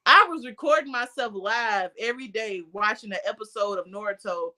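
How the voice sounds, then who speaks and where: A woman co-hosting a podcast, telling stories in casual chat with heavy swearing and loud outbursts. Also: mid-range voice, fairly quick. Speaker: podcast co-host.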